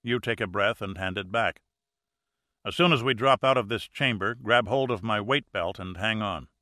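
A calm, wry male diver , read by a man narrator, speaks with dry understatement. The voice sits low yet bright and forceful. The recording is close and dry, like an audiobook. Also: moderate pace, dry recording. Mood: instructive. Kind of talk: audiobook character reading.

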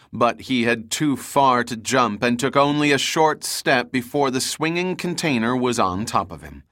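A man reading an action novel aloud as an audiobook narrator, with steady dramatic storytelling. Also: medium pitch, no echo, clean studio sound.

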